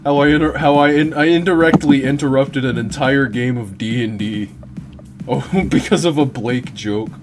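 A man's voice: medium pitch, steady tone, moderate pace. A man hosting a casual gaming stream, joking around with a friend and laughing often. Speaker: gaming channel host. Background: game music.

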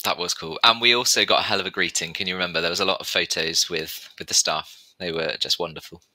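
A man, an expedition medic, talking in a relaxed, reflective way on a podcast and laughing along. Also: low-pitched, quick pace, no room sound, poor audio. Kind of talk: casual conversational podcast.

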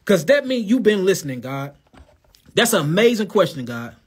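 Slightly rough and high, his very animated voice moves at a moderate pace. The St. Louis herbal health host, with his local accent and lisped s sounds, takes viewer questions on a live show in a casual way, addressing them as y'all and God.

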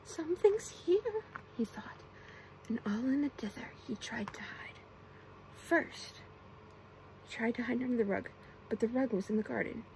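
Brief: young woman, whispered role-play storyteller, soft hushed reading, a touch high, faint hiss behind. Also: fairly even intonation, normal speed, long pauses. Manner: soft, often whispered reading with playful character voices. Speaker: ASMR storyteller.

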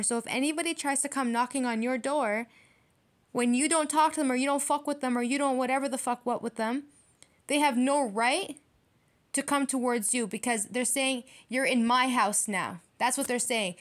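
A woman with a slightly high voice gives a casual tarot reading to her viewers. She talks in a brash, emphatic way and swears often. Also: a little fast. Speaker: tarot reader.

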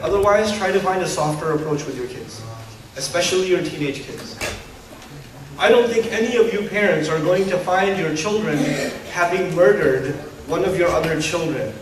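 A man preaching a sermon to parents, animated and humorous, acting out parents and kids. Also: fairly high pitch. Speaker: Muslim preacher. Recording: roomy hall echo from a distance.

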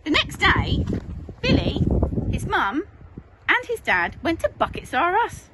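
A woman with an English accent, a primary school teacher, reading a picture book aloud to children in an expressive, sing-song way. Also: extremely high pitch, a little slow. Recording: noisy home recording.

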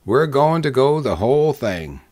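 A man's voice: medium pitch, big pitch swings, unhurried, darkish tone. A man voicing a proud, newly married western husband who speaks in a plain, boastful way.

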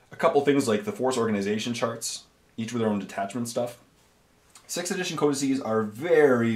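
Rambling man in an echoey room. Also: medium pitch. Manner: rambling, many fillers and self-corrections. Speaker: miniature painting YouTuber. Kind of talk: casual talk while painting.

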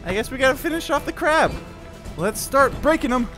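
A gaming YouTuber, a young man, gives excited and playful commentary while playing a virtual reality game, talking to the enemies as he battles them. His voice is very high and a little quick, with faint music in the background.

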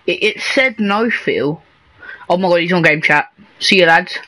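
Guy yelling at his squad in a game, bright tense voice, headset mic. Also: high-pitched. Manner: yells and taunts teammates, repeats himself rapidly. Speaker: gamer streaming his match. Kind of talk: excited gameplay chat with friends.

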